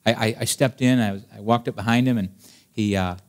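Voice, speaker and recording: A man's voice: mid-range voice, steady tone, fairly quick. A male pastor preaching a sermon to his congregation, emphatic and direct, full of rhetorical questions. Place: church service before a congregation.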